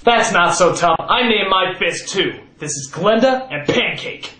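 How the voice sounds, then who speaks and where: A man hosting a comedy review, sarcastic and prone to exaggerated, shouted outbursts. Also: sits high, lively intonation, unhurried, slight background noise. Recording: echoey voice over music.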